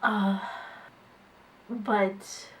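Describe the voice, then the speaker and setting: A woman managing artists, talking haltingly to her camera in a casual vlog with many fillers and restarts. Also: medium pitch, level tone, a little hiss or hum, poor audio. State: tearful, voice catching.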